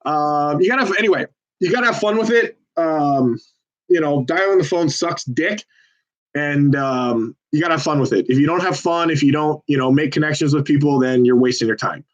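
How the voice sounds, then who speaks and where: A man's voice: on the high side, moderate pace. A man volunteering on a phone bank, chatting with callers and viewers in a joking, persuasive salesman style. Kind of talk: casual livestream chat while making calls. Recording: dull lo-fi audio.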